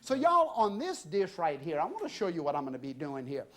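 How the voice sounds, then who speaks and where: A middle-aged man with a Louisiana drawl hosts a cooking demonstration from a home kitchen. His voice sits fairly high for a man. He is exuberant and folksy, chatting away and addressing viewers as "y'all". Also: wildly swooping pitch, fairly quick, a bit bright. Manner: folksy and exuberant, often says "y'all" and "I tell you". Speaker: TV cooking show host.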